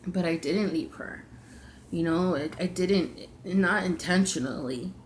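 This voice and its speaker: A woman's voice: fairly low pitch, a little slow, a little hiss or hum. A young adult woman vlogger telling a personal story in a confiding, emotional way.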